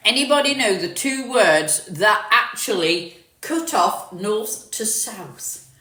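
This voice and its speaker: A woman's voice: medium pitch, animated, slow, pushed and bright, reverberant, recorded from a distance. Chatty London woman on a livestream. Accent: southern English, mixed with northern. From London, England. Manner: chatty, reads out and answers viewer comments, laughs often. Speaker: livestream host. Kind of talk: casual livestream chat. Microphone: phone.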